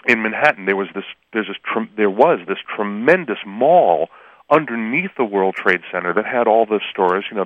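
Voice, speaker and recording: A man with a very low voice speaks in a halting, earnest way, often restarting his sentences. He is a law professor calling in to a broadcast interview. The sound is thin and phone-like, with no room echo. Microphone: telephone. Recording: tinny, dry phone line.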